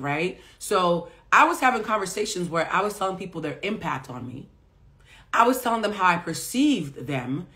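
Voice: mid-range voice, fairly bright tone. A life coach talking to viewers in a casual live stream, blunt and emphatic, with plenty of swearing. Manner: emphatic, blunt, profane, talks straight to viewers. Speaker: life coach and psychic reader.

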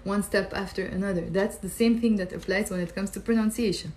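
A woman's voice: mid-range voice, steady tone, a little mellow. Woman teaching pronunciation, quizzing. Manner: repeats sounds slowly, quizzes viewers with questions. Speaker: Arabic teacher. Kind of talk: live online pronunciation lesson.

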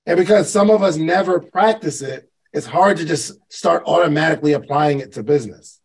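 Gravelly higher-voiced male host. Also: brisk, poor audio. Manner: conversational, asks the listeners questions, repeats for emphasis. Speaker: host and business coach. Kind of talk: motivational talk to a live call audience.

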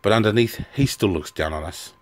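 A man's voice: lowish voice, a little fast, close to an everyday voice. A man voicing a bitter, resentful Legion officer who sneers at nobles and kings.

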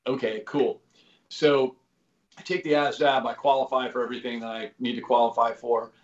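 A man's voice: medium pitch, little pitch movement, moderate pace. A man in his fifties, a guest telling stories in a casual interview, rambling with lots of "you know" and "like" and casual swearing. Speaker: guest, former special operations soldier. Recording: roomy, slightly dull podcast audio.

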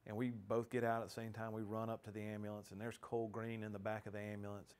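A law enforcement officer with a somewhat low male voice relives the events in the present tense. His delivery is vivid and direct. He speaks in a documentary interview. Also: monotone, fast talker, darkish tone.

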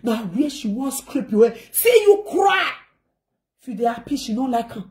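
A woman's voice: a little high, big pitch swings, moderate pace. A woman speaking Nigerian Pidgin English, telling a family story to her viewers in a dramatic way and acting out the voices of others. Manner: dramatic, acts out quoted voices, swings between shouting and murmuring. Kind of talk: animated storytelling.

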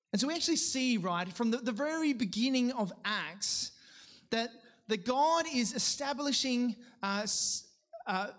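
A man preaching a sermon. He reads scripture and prays in a lower, measured voice, then talks to the congregation casually, with many fillers and self-corrections. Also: a bit bright.

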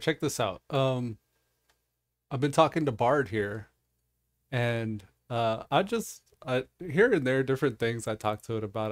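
A man's voice: mid-range voice, no room sound. A man hosting his own vlog in casual chat, rambling and laughing often as he talks. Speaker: vlog host.

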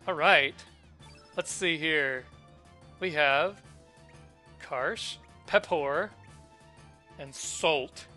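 Man, let's play host, casual joking commentary, slightly high voice, bright tone. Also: very slow, long pauses, soft background music. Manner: joking, chatty, reads game text aloud.

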